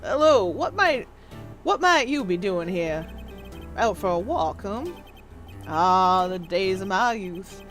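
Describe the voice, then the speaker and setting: A woman acts out a pompous older southern lawyer with a heavy Southern US drawl. The voice sits lower than her own and slides languidly, lingering over each word in an unhurried, self-satisfied way. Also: expressive, soft background music. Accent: Southern US drawl, put on. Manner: slow, drawling, reminiscing. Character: pompous old southern male defense lawyer.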